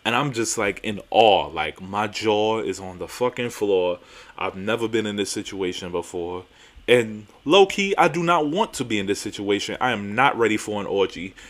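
A young man with a low voice tells a story on his podcast. He talks casually and with energy, swears freely, and drives his points home by repeating them. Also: normal speed. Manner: animated, profane, self-mocking, emphatic repetitions. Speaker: podcast host.

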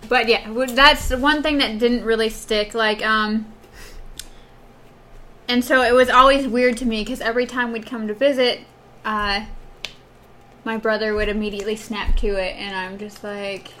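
A woman's voice: a little high, fairly even intonation, moderate pace, long pauses, pushed and bright, slight background noise. A young woman from Wisconsin co-hosting a casual chat, rambling through stories with many fillers.

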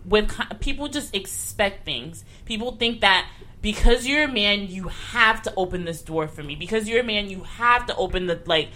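Female co-host, animated, opinionated casual chat. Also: mid-range voice, normal speed. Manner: animated, outspoken, laughs a lot. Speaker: podcast co-host.

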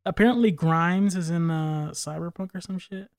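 A man's voice: high-pitched, normal speed, creaky, darkish tone, no echo, clean studio sound. A man chatting casually on a podcast, opinionated and rambling, with frequent swearing. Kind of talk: casual chat.

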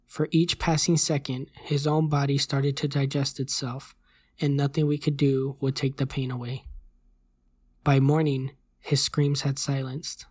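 A host reading a horror story aloud in a measured, even voice at a close mic. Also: mid-range voice, breathy edge, dry recording. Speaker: host and narrator. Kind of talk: scripted horror story narration.

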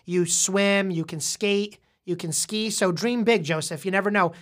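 A woman's voice: mid-range voice, measured pace. A woman hosting a casual podcast, patiently explaining and quizzing a young guest, often restarting her words. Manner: frequent repeated restarts. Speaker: podcast host interviewing a young child.

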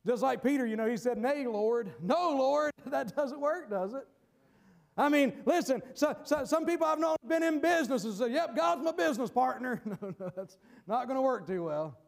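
Male preacher, very high voice, punchy delivery that swings from shouting to low asides. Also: lively intonation, normal speed, creaky. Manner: emphatic, bursts into shouted points then drops low. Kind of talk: sermon.

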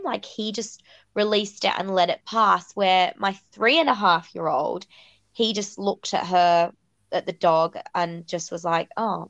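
A woman's voice: medium pitch, fairly bright tone, no room sound. A woman in her thirties hosting a podcast, telling a family story in a chatty way with fillers. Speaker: podcast host. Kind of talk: podcast conversation.

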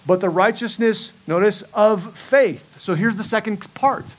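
A man's voice: sits high, normal speed. A middle-aged man preaching a sermon as pastor, earnest, often repeating himself as he restarts a thought.

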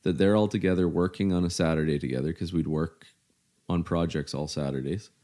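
A middle-aged man from Canada, telling his story in casual, halting conversation, full of "you know" fillers. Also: low voice, steady tone, warm tone.

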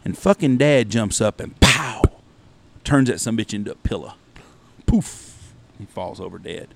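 A man hosting a podcast, telling a long hunting anecdote in a profane, animated, casual way. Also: lowish voice, measured pace, gravelly, background noise. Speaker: podcast host. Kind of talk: casual storytelling.

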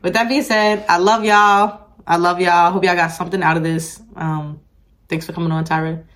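A woman's voice: on the low side, little pitch movement, normal speed, a bit bright. A woman co-hosting a casual chat podcast, talking emphatically and repeating her points to drive them home. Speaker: podcast co-host.

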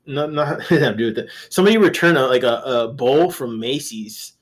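A man's voice: mid-range voice, animated, brisk. A man guest-hosting a podcast, telling rambling, profane anecdotes in casual chat, with restarts and laughter.

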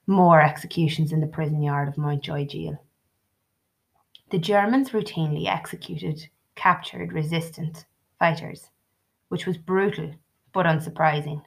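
A woman narrating a novel in a measured, even storytelling manner. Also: low-pitched, gravelly. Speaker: audiobook narrator. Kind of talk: scripted narration.

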